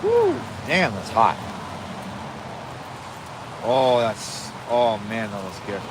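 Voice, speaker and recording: A man's voice: on the low side, takes it slowly, noisy background. A man chatting casually on a livestream, rambling, correcting himself and swearing, outdoors at home.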